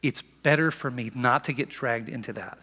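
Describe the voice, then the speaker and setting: A man preaching a sermon as pastor, animated and conversational, acting out the lines he quotes. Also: mid-range voice, normal speed, long reverb tail.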